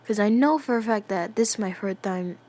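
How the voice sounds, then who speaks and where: A woman reading a fan story aloud, quietly and half-whispered, giggling and breaking off to comment. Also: mid-range voice, fairly quick. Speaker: fan fiction reader.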